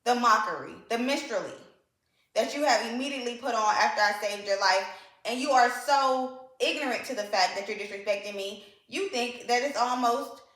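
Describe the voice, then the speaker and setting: A woman's voice: fairly high pitch, moderate pace, a bit bright. A woman giving a casual, opinionated book review, emphatic and repeating points for effect. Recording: echoey room.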